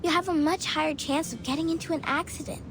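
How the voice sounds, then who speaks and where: A woman's voice: high voice, steady tone, quick pace, noisy background, voice pushed up. A woman voicing a polite, talkative sheep-headed woman arcanist. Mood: chatty.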